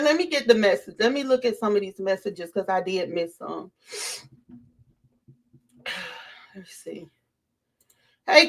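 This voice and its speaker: A woman's voice: sits high, sharp tone. A woman hosting a casual livestream, talking straight to her viewers, repeating herself and greeting people in the chat by name. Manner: conversational, addresses viewers directly, repeats herself. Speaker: livestream host.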